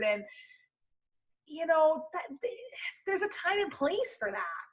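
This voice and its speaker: Chatty woman podcast host, slightly high. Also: sing-song, slow, long pauses. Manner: conversational and encouraging, lots of fillers. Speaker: podcast host and sales coach. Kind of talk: casual solo podcast advice.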